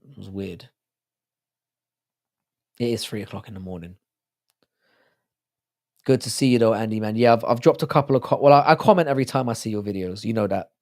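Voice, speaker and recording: A man's voice: fairly low pitch, fairly quick, pauses often, darkish tone. A man hosting a livestream, rambling profanely in casual chat and reading out viewer comments. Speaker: livestream host.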